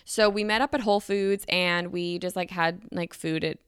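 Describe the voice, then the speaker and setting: A woman's voice: on the low side, steady tone, normal speed, clear, resonant tone, no room sound, clean studio sound. A young woman hosting a podcast, telling a story in a chatty way full of "like" and acted-out quotes. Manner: chatty, lots of "like", acts out quotes. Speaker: podcast host. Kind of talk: casual storytelling.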